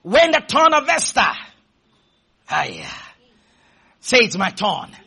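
A man preaching a sermon, leading call-and-response, breaking into shouts and drawing out words for emphasis. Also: sits high, big pitch swings, breathy edge, a faint crowd. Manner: slows to stretch words for emphasis.

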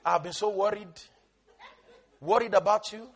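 A man voicing an anxious, hand-wringing male God who frets softly about everyone making it to heaven. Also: high voice, unhurried, slightly rough, full character voice. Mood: fretful.

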